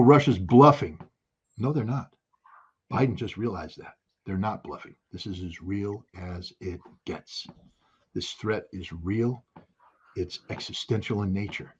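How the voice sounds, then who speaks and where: Husky low-voiced man, emphatic commentary. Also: lo-fi sound. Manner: emphatic and forceful, repeats key phrases. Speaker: political commentator. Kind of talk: impassioned spoken commentary.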